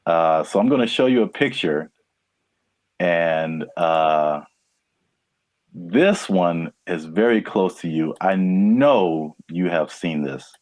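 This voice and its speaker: A man's voice: deep voice, expressive, slow, a little mellow, no room sound. A man from California co-hosting a casual podcast, rambling and laughing often. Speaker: podcast co-host.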